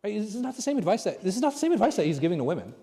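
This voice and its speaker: A man gives a relaxed religious lesson in a large mosque hall. His tone is mellow and warm. He keeps asking his listeners questions, and the reverb trails on after each phrase. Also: sits high, rapid-fire. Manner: asks the audience rhetorical questions. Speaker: imam teaching a class.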